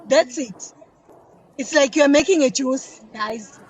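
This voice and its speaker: A woman's voice: high-pitched, slow, dull audio, slight background noise. A South African woman explaining detergent making as a podcast guest, chatty, often repeating words. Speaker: business guest, detergent maker. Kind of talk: casual podcast interview.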